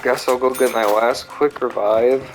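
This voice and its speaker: A man's voice: medium pitch, steady tone, a little slow, over music, low-quality recording. A man giving casual, profane, rambling commentary while playing a video game, with lots of fillers. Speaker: gamer. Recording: clicking noise in background.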